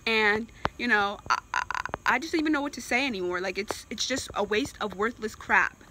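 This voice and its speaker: A woman's voice: medium pitch, fairly quick, background noise. A woman from Virginia ranting in a vlog, exasperated and emphatic, repeating herself for emphasis. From Virginia, USA. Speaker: vlogger. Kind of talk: impassioned opinion rant.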